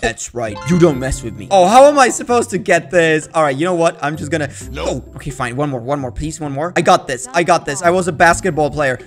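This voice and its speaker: A man giving playful, excitable commentary on a game playthrough, talking to the characters on screen. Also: on the high side, quick pace, few pauses. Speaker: gaming YouTuber. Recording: music playing under the voice.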